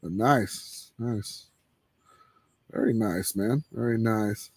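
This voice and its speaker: A man hosting a live cigar show in casual chat, laid-back and laughing, trailing off into low murmurs. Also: slow pace, a little mellow, no room sound.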